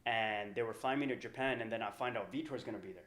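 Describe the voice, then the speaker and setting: A man's voice: on the low side, fast, fairly bright tone. A man in his thirties, a professional fighter guesting on a podcast, telling a long story casually with lots of fillers. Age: 30s. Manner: rambling, filler-heavy storytelling. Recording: roomy echo.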